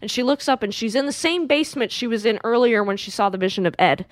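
Woman, podcast co-host, casual animated recap, dry close sound. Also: fairly high pitch, quick pace, dry recording. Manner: animated retelling, acts out characters, swears freely.

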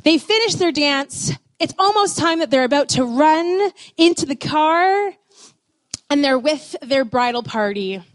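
A lively woman storyteller with a high, bright-sounding pitch who lingers over her words. She swings between hushed moments and excited bursts. The recording is dry and close. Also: a little slow, no echo. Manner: animated, expressive, playful, with many "like" fillers. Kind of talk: storytelling talk.

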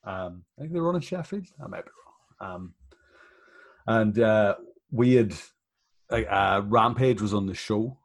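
A man's voice: on the low side, expressive, measured pace, pauses often. A man chatting casually on a podcast about wrestling shows, laughing often and swearing freely. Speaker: professional wrestler guest.

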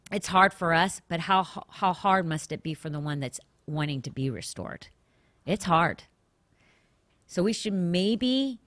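Earnest woman teaching scripture, low voice. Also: no room sound, clean studio sound. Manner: earnest, conversational, with restarts and emphatic asides. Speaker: podcast host. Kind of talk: informal Bible teaching.

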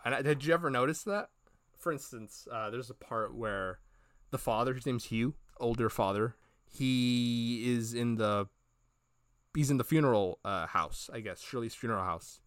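A man's voice: mid-range voice, fairly bright tone, no room sound, clean studio sound. A man cohosting a podcast, retelling scenes in a casual, rambling way with many fillers and quoted lines. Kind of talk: casual review chat.

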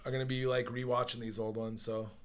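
A man's voice: mid-range voice, level tone, quick pace. A man in his forties chatting on a podcast in a laid-back way, with lots of fillers and swearing. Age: 40s. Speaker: podcast co-host. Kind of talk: casual chat.

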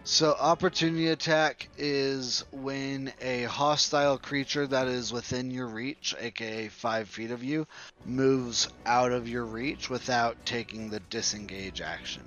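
A man's voice: medium pitch, a little slow, fairly bright tone, soft background music. A man as game master, patiently explaining rules and narrating a tabletop game. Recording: dull lo-fi audio.

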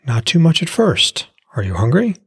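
A man voicing a caring young woman innkeeper who nurses an injured man, speaking gently but firmly. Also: fairly high pitch, wildly swooping pitch, normal speed, vocal fry, slightly rough, no echo, studio quality, pitched above the performer's own voice, full character voice.

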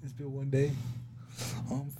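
A young man co-hosting a casual sports podcast, swearing freely and ribbing his friend. His voice sits at a middle pitch, with a faint hiss of noise behind it. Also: monotone, a little slow. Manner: crude banter, loud bursts of mock yelling. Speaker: podcast co-host. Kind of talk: casual chat.

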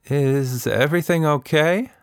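A shy young girl speaks earnestly, a touch higher than a grown man's voice, as a male storyteller puts her on. She sounds timid yet brave in a dry room. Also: a little slow, clean tone, no room sound.

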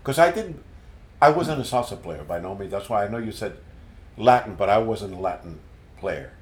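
An older man being interviewed as a musician, telling stories in an animated way and repeating words as he recalls them. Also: fairly low pitch, normal speed. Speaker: guest musician. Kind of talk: casual storytelling interview. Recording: roomy echo.

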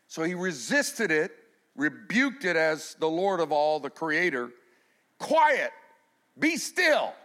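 A middle-aged male pastor delivers a sermon in a bright, fairly high voice. He preaches with animation, rising to loud emphasis and then dropping to hushed, quiet passages. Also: animated, unhurried.

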